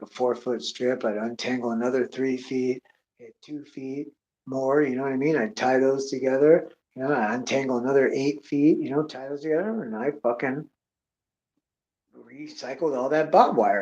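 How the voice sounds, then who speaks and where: A man telling a rambling, profane story in a blunt, heavily swearing way. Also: medium pitch. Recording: dull lo-fi audio.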